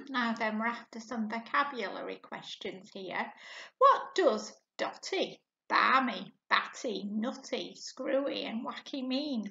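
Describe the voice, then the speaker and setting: Female primary teacher, slightly high voice, unhurried, questions to the class, echoey lo-fi room sound. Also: lively intonation, bright, forceful tone. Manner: slow and patient, asks questions to the class; clears her throat often. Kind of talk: recorded reading lesson for pupils.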